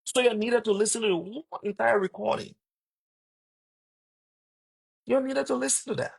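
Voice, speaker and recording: Man, husky and gravelly, emphatic casual retelling. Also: extremely high pitch, fast talker. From Liberia. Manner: repetitive, emphatic retelling of conversations. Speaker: online commentator. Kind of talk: casual storytelling monologue.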